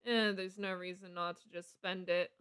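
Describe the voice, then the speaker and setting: A woman's voice: fairly low pitch, steady tone, normal speed, fairly bright tone, smooth, no room sound, studio quality. A woman streaming a card game live, chatting casually and giggling often as she rambles. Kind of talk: casual live gameplay commentary.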